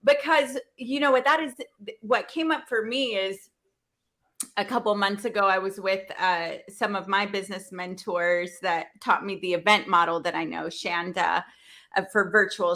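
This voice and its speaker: A woman hosting a business panel, telling a personal story animatedly and acting out the dialogue. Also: fairly high pitch. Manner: animated, acts out dialogue, laughs often. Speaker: event host.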